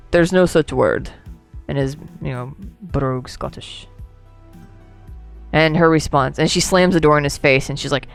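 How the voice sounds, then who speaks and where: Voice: medium pitch, creaky. A game streamer chatting casually through a livestream, rambling, laughing and answering chat, a few drinks in.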